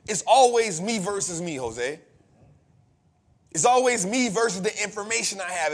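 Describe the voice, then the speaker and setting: A man hosting a podcast, giving a preachy, emphatic motivational finance talk full of repetition and casual street slang. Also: sits high. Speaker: podcast host.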